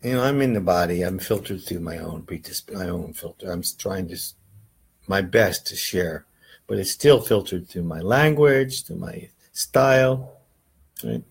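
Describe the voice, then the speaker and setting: A man's voice: low-pitched, lively intonation, unhurried, gravelly, slightly rough, rough recording. A man giving a casual, rambling meditation lesson, earnest and often checking in with "right?". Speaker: meditation teacher.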